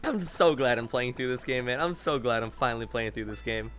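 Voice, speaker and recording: A young man streaming a video game, commenting excitedly and rambling with frequent laughs. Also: medium pitch, fairly quick, a little hiss or hum. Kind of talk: gaming commentary.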